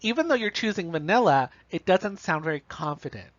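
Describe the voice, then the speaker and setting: With a mid-range voice, lively intonation and a brisk pace, a college instructor talks casually through writing examples in a recorded online lecture, frequently asking "right?" and "you know." There's no echo, and the dry recording sounds slightly dull.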